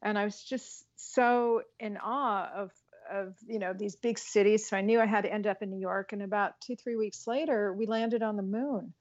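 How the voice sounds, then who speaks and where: A woman in her sixties from Colorado, a physician, giving thoughtful, measured answers in an interview. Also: medium pitch, fairly even intonation, dull audio. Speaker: physician guest.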